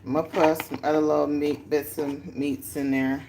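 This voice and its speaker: A woman's voice: sits low, flat delivery, moderate pace, dark tone. Chatty woman hosting a home cooking stream. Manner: chatty, laughs often, talks to viewers. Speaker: cooking show host. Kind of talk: casual live cooking stream. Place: home kitchen. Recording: echoey kitchen, faint noise.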